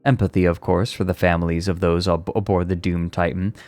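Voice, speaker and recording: A man's voice: low-pitched, level tone, brisk, darkish tone, no echo. A male streamer reading an article aloud and breaking off into casual, profane asides. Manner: profane, rambling asides between read passages.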